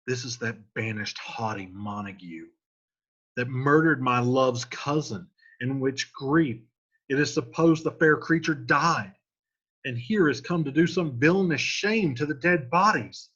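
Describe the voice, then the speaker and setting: A man's voice: medium pitch, unhurried, a bit bright, slightly rough, highs cut off. A man reading the part of a proud, vengeful young nobleman from a classic play aloud, in a commanding, accusing tone. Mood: suspicious.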